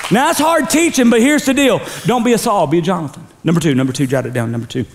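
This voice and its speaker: A man preaching in a church in an energetic sermon style, often pushing the room to say the words back with him. His voice sits a little higher than most men's. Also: fast, a faint crowd, a little hiss or hum. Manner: energetic preaching with call-and-response. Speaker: pastor. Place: church sanctuary.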